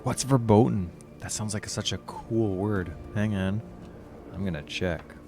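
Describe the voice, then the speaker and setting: Low gravelly man streaming a game. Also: a little slow, faint music behind. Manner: chatty, curious, thinks out loud with giggling outbursts. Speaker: gaming streamer. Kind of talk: casual gameplay commentary.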